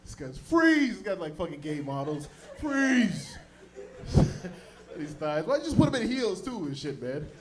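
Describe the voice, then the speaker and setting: Animated stand-up comic from Toronto. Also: male voice, fast talker, hardly any pauses. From Toronto area, Canada. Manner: loud, animated storytelling, jumps into high-pitched voices for characters. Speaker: stand-up comedian. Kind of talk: stand-up comedy set. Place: comedy club stage.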